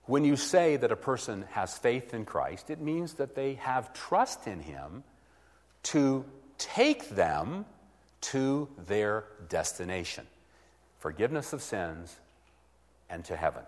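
A man's voice: mid-range voice, in a large hall. A man preaching a teaching sermon, acting out both sides of a conversation.

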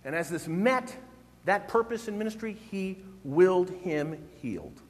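Male pastor, sermon delivery, slightly high voice, lively and emphatic, long church reverb. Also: measured pace. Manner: expressive, emphatic, acts out quoted voices.

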